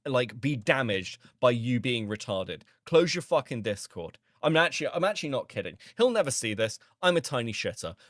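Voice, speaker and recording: Male streamer, exasperated rant, lively high voice, dry close sound. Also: dry recording. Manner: exasperated, swearing, incredulous laughter. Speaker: stream host reacting to a video. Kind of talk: angry reaction commentary.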